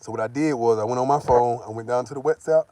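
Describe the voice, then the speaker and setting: A man's voice: medium pitch, quick pace, dark tone, dry recording. A man telling a personal story to the camera, casual and profane, acting out the people he quotes. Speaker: vlogger.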